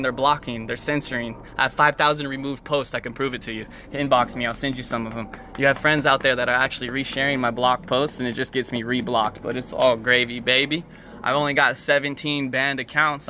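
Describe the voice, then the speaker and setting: Man, bright tone, preachy rambling livestream rant outdoors on a phone. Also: medium pitch. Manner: preachy, rambling, restarts words. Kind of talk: impassioned live video rant.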